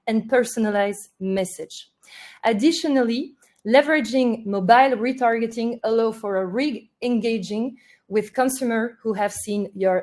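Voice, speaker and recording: A woman presenting a marketing webinar, delivering points in a steady, list-like way. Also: a little high. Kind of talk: presenting a webinar, partly read.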